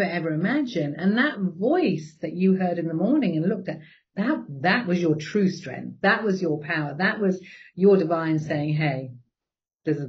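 A woman hosting a podcast, speaking in an encouraging, emphatic way about spirit and ego. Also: lowish voice. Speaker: podcast host. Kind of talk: spiritual talk. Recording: dull lo-fi audio.

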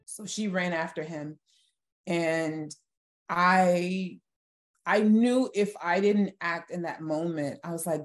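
Low-voiced woman telling her story. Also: slow. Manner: earnest, emotional retelling with restarts. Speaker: podcast guest. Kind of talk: personal testimony in a podcast interview.

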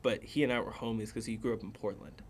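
A young man co-hosts a podcast in casual chat, talking fast with a fairly low, steady voice. He laughs a lot and acts out the things other people said.

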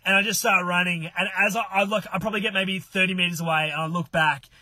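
Young man, slightly high voice, animated storytelling, laughs a lot, swears freely, casual podcast chat. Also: quick pace, dry recording.

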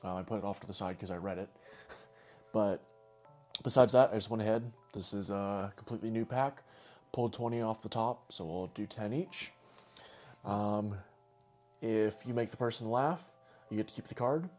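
Casual male host, mellow tone, laughs and teases a lot, faint music under. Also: fairly low pitch, moderate pace, pauses often. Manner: laughs often, teasing. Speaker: podcast host. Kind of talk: casual chat, game hosting.

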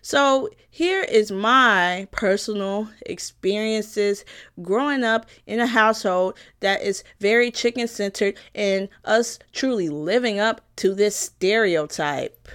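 A woman's voice: mid-range voice, takes it slowly, a bit bright, clear, resonant tone. A young woman giving an emphatic, satirical personal monologue, repeating lines for punch and swearing freely. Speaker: comedic commentator.

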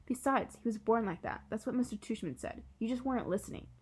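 An eager, talkative schoolgirl, as a woman reading aloud puts her on, gushing and emphatic, keen to be helpful. Her lines lean slightly brighter and louder than the narration around them. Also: fairly high pitch, fast, slightly rough. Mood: scolding. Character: chatty, bubbly schoolgirl, eager to please. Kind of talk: audiobook character reading.

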